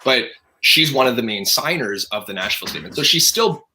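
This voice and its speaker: A man's voice: mid-range voice, lively intonation, pushed and bright. A young man talking earnestly as an interview guest, emphatic, with frequent restarts. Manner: earnest, emphatic, talks in quick bursts with restarts. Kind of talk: casual conversation.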